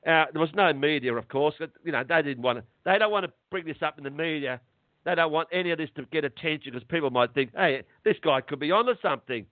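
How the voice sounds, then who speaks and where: Middle-aged man, phone-in guest, fairly high voice, halting and agitated, dry tinny line. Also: dry recording. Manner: agitated, halting, repeats words. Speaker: interview guest. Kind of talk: phone interview.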